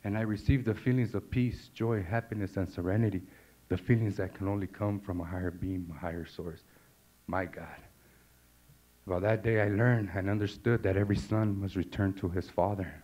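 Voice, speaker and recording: A man's voice: low-pitched, steady tone, moderate pace, warm tone. A middle-aged man telling a raw personal story full of street slang and profanity. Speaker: speaker sharing his testimony. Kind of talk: personal story told to an audience. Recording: dull lo-fi recording.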